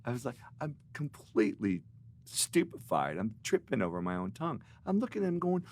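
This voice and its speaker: A middle-aged man, a guest musician, telling animated, rambling stories in a podcast interview. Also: medium pitch, a little fast, slight background noise. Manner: animated storyteller, rambling with restarts.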